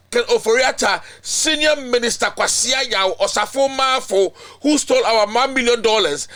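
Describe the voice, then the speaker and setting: A man's voice: very high voice, pushed and bright. A Ghanaian man hosting a political commentary show, talking in an indignant, emphatic way. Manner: indignant, emphatic, mixes in local-language chants and repetition.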